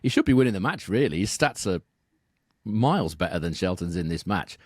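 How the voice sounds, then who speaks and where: Low-voiced analyst with a dry sound. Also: male voice, very animated, a little mellow, breathy edge, no room sound. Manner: measured, reels off stats, asks tag questions. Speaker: tennis betting analyst. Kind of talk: casual podcast analysis.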